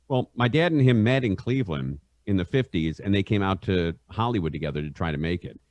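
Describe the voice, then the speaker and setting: Middle-aged guy, low voice, dry close mic, rambling storyteller who laughs through his tales. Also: expressive, brisk, darkish tone, no room sound. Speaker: guest, radio host. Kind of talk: casual anecdote telling.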